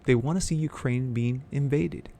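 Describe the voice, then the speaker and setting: Gravelly, blunt male commentary host. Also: medium pitch, normal speed, dark tone, a little hiss or hum. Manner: blunt, profane, sneering. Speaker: host of a political commentary channel. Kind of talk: reading news then ranting opinion commentary.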